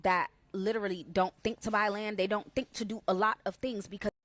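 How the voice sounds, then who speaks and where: A woman's voice: mid-range voice, little pitch movement, brisk, fairly bright tone, no echo. A woman earnestly explaining her view in a discussion. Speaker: interviewee in a reacted clip. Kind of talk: casual discussion.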